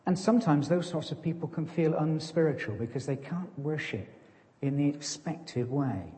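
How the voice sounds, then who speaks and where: A man's voice: a little high, moderate pace, mellow. A man preaching a sermon, conversational and self-deprecating. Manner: conversational, self-deprecating, plays farmer joke. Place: church. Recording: long church reverb.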